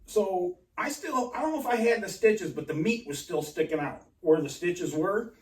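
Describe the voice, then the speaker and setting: A man telling a rambling personal story in an agitated, halting way, full of restarts and swearing. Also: sits high, lively intonation. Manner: profane. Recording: roomy and distant from mic.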